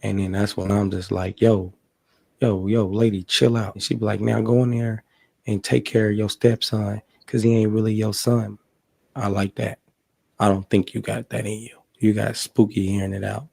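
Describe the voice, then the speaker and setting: A man in a played interview clip, joking crudely in with a low gravelly voice. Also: level tone, moderate pace, dark tone, no echo. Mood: mocking. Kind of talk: street interview banter.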